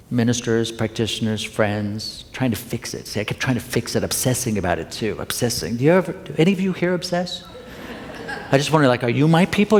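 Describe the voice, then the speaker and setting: A minister preaching in a reverberant hall. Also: male voice, mid-range voice, vocal fry, slight background noise. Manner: conversational, confessional, with playful asides to the congregation. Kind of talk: Sunday talk sermon. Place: church sanctuary.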